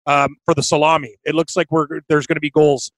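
High-voiced Canadian betting co-host. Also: male voice, little pitch movement, brisk, dry recording. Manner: confident, emphatic picks talk. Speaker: sports betting podcast co-host. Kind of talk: casual sports betting chat.

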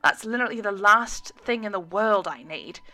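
A woman's voice: medium pitch, animated, moderate pace, sharp tone, soft background music, voice pushed up. A woman reading a sarcastic young pregnant woman. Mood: wry. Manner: teasing, sarcastic delivery.

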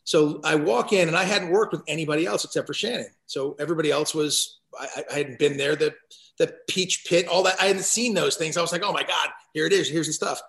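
A man guesting on a podcast, chatting and telling stories in an animated way, often restarting his sentences. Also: on the high side, fast talker, reverberant. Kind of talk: casual chat, storytelling.

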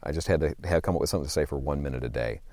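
Speaking very fast in a mellow bass voice, a man in his sixties recounts his career as a guest in a conversational interview. He rambles and pokes fun at himself, with lots of fillers and restarts, and the recording has no echo.

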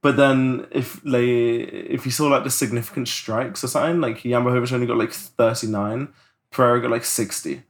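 A man's voice: mid-range voice, steady tone, normal speed. A man co-hosting a podcast in casual chat, rambling loosely and filling his talk with "like". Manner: loose, rambling, heavy use of "like". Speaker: podcast co-host.

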